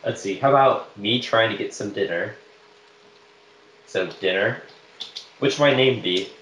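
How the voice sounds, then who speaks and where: A man's voice: on the low side, unhurried, fairly bright tone. A man hosting a podcast and making prank calls, improvising with many hesitations and restarts. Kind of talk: casual chat. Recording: echoey room with faint background noise.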